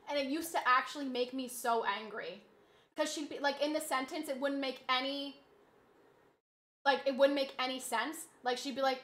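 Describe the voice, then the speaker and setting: Woman, game streamer, high voice, chatty, animated, mock-outraged rants. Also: a little fast. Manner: chatty, reads chat aloud, laughs easily. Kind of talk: casual live-stream chat while gaming.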